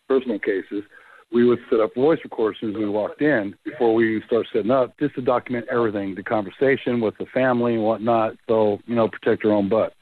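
Man telling ghost stories over a tinny phone line. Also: medium pitch. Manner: animated, acts out quoted voices. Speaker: paranormal investigator guest. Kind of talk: casual phone interview storytelling.

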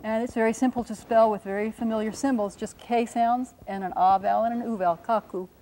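A woman's voice: on the high side, steady tone, warm tone, a little hiss or hum, low-quality recording. A woman linguist explaining phonetic symbols, carefully sounding out words syllable by syllable. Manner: slow, careful demonstration of pronunciations. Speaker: linguist giving a talk.

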